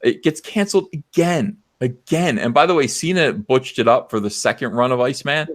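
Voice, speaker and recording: A man hosting a live stream, ranting loudly and passionately and mocking others in put-on voices. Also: mid-range voice, animated, a little fast. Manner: loud, impassioned, mocking impressions. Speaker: livestream host. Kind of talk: heated livestream rant.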